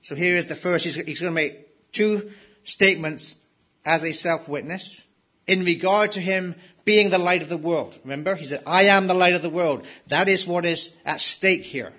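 A man's voice: on the high side, moderate pace, bright, forceful tone. A man preaching a sermon in an emphatic way, repeating key words for stress.

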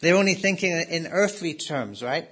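A man's voice: on the high side, animated, moderate pace, a bit bright, husky. A man preaching a sermon in an emphatic way, repeating key words for stress.

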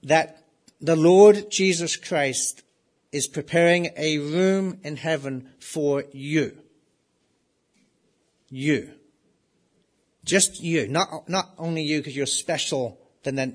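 A man preaches earnestly in a voice on the high side. He poses rhetorical questions to his listeners and repeats his key phrases slowly.

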